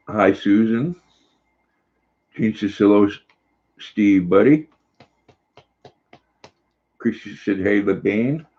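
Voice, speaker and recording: An older man hosting a casual livestream, slowly reading out viewer comments and cooing fondly at his dog. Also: on the low side. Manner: slow, folksy, reads comments aloud and coos at his dog. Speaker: livestream host. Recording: slightly dull lo-fi sound.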